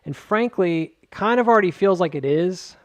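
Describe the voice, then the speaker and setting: Rambling, fairly high-voiced man explaining charts. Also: expressive, moderate pace, dry recording. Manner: rambling with joking asides; filler-heavy, many "like"s. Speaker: market charting host. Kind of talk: casual chart walkthrough.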